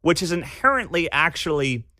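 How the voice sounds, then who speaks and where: Animated sarcastic male radio host. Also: fairly high pitch, moderate pace, no echo, clean studio sound. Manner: sarcastic, animated, reads quotes aloud. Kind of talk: opinionated radio commentary.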